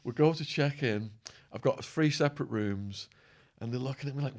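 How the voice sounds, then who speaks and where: A man guest on a podcast, telling a wild story with lively acted-out quotes, swearing and laughing along the way. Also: mid-range voice, normal speed. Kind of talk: animated storytelling.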